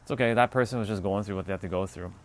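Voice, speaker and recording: A man hosting a casual livestream, relaxed and easygoing as he answers chat comments one by one. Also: on the low side, rapid-fire. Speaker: livestream host.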